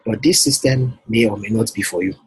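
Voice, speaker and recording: A man's voice: lowish voice, a little fast, a little mellow, breathy edge, no room sound, rough recording. A man coaching a client on a call, persuasive and often checking that she follows. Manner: persuasive, repeats himself, checks for understanding. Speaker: business coach.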